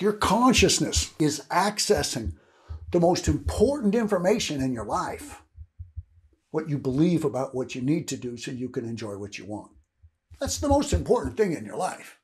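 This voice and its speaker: A man's voice: a little high, a little mellow. A man in his sixties from Kentucky giving a rambling, casual motivational talk, often asking "right?" and chuckling. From Louisville, Kentucky, USA. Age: 60s. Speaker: motivational speaker.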